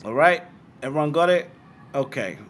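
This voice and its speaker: A man's voice: a little high, normal speed, slight background noise. Blunt, swearing young man host. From Britain. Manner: blunt, swearing, animated asides. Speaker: bitcoin livestream host. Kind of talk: casual livestream chat answering viewer questions.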